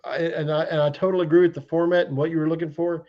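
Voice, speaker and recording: A man talks in a fairly high voice, full of folksy, joking turns of phrase. His sound comes through muffled, lo-fi call audio. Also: level tone, racing. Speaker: guest. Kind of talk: casual chat on a livestream.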